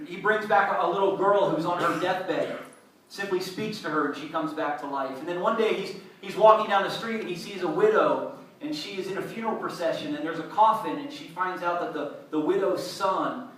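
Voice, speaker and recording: A man preaching a sermon to a congregation, in a lively, conversational way, acting out the voices of doubting listeners. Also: fairly high pitch, slight background noise. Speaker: pastor. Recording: echoey hall, mic from a distance.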